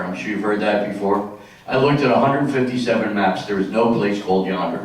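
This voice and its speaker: Middle-aged guy doing stand-up, chatty joke storytelling, regular pitch, super echoey hall recorded from way back. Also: expressive, brisk, recorded from a distance. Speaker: stand-up comedian. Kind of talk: stand-up comedy routine. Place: stage in a senior community hall.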